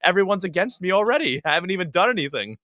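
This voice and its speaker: Guy on a podcast going on and on, bright voice, super dry sound, animated. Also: high voice, rapid-fire, no echo. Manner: rambling, animated, acts out quotes. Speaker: podcast co-host. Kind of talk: casual reality TV recap chat.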